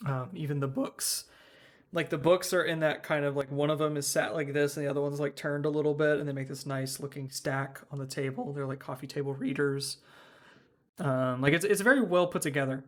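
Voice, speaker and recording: A man's voice: on the high side, brisk. A man running a tabletop horror game as game master, describing scenes loosely with many fillers.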